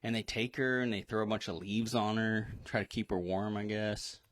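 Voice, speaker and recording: A man's voice: lowish voice, steady tone, normal speed, dry recording, clean studio sound. A man co-hosting a casual horror movie discussion stream, rambling through plot recaps with fillers and laughs. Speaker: podcast co-host.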